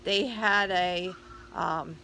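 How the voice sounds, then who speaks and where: A woman's voice: fairly low pitch, extremely slow, sharp tone, a little hiss or hum, poor audio. An older woman vlogger telling a story casually and chattily, speaking straight to her viewers.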